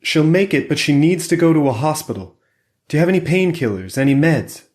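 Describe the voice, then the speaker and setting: A man's voice: on the high side, expressive, brisk, darkish tone, voice pushed up, lightly acted. A man voicing tense urgent women. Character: women characters, Price and Sierra, tense.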